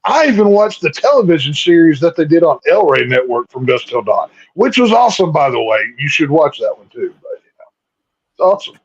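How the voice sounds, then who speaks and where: A man's voice: a little high, sing-song, a little fast, husky, highs cut off. A man with a Southern US accent co-hosting a casual movie review chat, enthusiastic and full of fillers. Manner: enthusiastic, filler-heavy, defends opinions. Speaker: podcast co-host.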